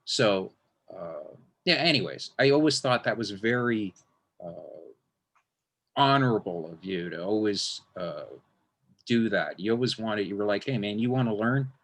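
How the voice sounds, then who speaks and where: A man's voice: on the low side, a little slow, a bit bright. A man, a magician, talking in a casual interview, rambling with frequent restarts and acting out quotes.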